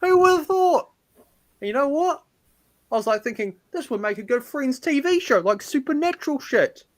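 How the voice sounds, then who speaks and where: A man's voice: very high voice, animated, moderate pace, pitched above the performer's own voice. A man playing a laid-back stereotypical young Kiwi bloke, with an exaggerated New Zealand accent. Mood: excited. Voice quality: exaggerated drawl.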